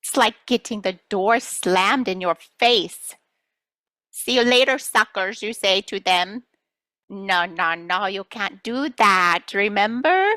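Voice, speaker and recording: A woman's voice: mid-range voice, expressive, slow, no room sound. A woman channeling a playful collective of star beings who teases and reassures listeners, calling them children. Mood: teasing. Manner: addresses listeners as children, gently scolding. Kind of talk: channeling session.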